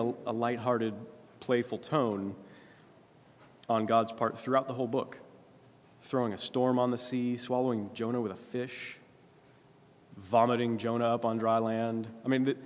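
A man preaching a sermon in a conversational way, often asking "right?" and clearing his throat. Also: medium pitch. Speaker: pastor. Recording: long hall reverb.

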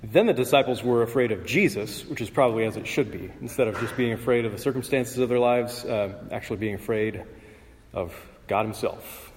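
Man preaching in a reverberant church. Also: medium pitch. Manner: measured, conversational preaching with filler pauses and throat clearing. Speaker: pastor. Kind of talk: sermon. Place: church sanctuary. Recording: long reverb of a church hall.

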